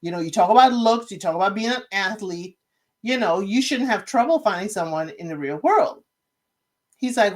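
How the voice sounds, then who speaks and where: Animated woman recapping a show. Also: mid-range voice, normal speed. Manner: animated storytelling, acting out quotes. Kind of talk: casual chat recap.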